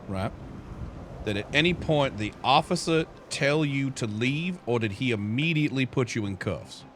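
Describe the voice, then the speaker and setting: A man's voice: medium pitch, animated, normal speed, fairly bright tone, a little hiss or hum. A man in a roleplay, questioning his client in a methodical way with legal jargon. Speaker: lawyer character in roleplay.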